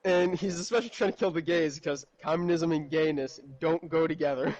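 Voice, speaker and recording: Man with a high voice, casual and animated chat, laughs a lot. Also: fairly quick, lo-fi sound. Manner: animated storytelling with frequent laughs.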